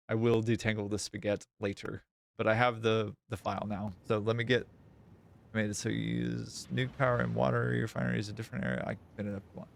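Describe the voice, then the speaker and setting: Gravelly-voiced man chatting on a game stream. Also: fairly low pitch, fairly quick, no echo. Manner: chatty, excitable, self-mocking sarcasm. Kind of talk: live gameplay stream chat.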